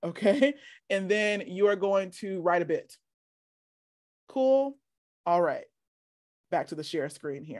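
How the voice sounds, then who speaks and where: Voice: medium pitch, measured pace, long pauses, darkish tone, no room sound, studio quality. Upbeat workshop leader on a video call. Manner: chatty, encouraging, says "right?" often. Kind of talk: casual teaching over a video call.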